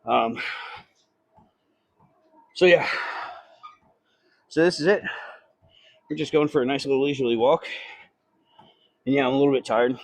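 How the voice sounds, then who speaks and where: This fitness vlogger speaks in a gravelly, medium-pitched voice, unhurried and full of long pauses, while he stands on an incline treadmill at the gym, winded after his workout. Holding the phone close, he delivers a casual vlog chat that's rambling, profane and self-deprecating, with no room sound.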